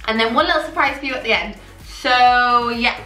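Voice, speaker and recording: A young woman talks through a clothing haul in a chatty, gushing way. Her voice is bright and a little high. She sounds slightly off-mic in an echoey room, with soft music playing behind her. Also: normal speed, distant mic. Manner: chatty, gushing, filler-heavy. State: out of breath. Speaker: fashion vlogger. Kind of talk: casual haul vlog.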